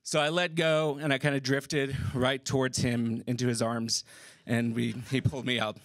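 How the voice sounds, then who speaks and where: A man telling a true personal story on a theater stage, casual and animated, swearing and laughing as he goes. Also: medium pitch, moderate pace, no room sound. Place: theater stage before a live audience. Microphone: stage microphone.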